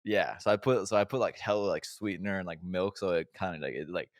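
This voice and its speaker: A man's voice: fast talker, no echo, clean studio sound. Young man telling a story while laughing. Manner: laughs through his own story, swears a lot, gets loud and high when amused. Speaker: podcast co-host. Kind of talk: casual chat storytelling. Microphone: remote podcast mic.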